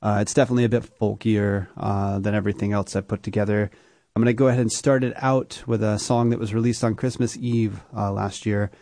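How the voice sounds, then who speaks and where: A man hosting a music radio show, back-announcing songs in a relaxed way with many "uh" fillers, speaking into a studio microphone. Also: on the low side, a little fast, gravelly, no room sound. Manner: relaxed, with frequent "uh" fillers and self-deprecating asides. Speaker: radio host.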